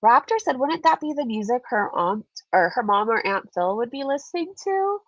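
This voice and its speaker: Her voice leans high and very animated as she reads viewer comments at a moderate pace, hosting a casual commentary vlog. Congested and stuffed up, the woman stays chatty and sarcastic and laughs a lot, captured on a muffled recording with no room sound.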